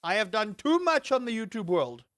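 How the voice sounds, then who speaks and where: A man's voice: high voice, big pitch swings, moderate pace, fairly bright tone, a little hiss or hum. A man hosting a livestream in casual chat, reading out and answering chat with playful jokes and mock outrage. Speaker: livestream host.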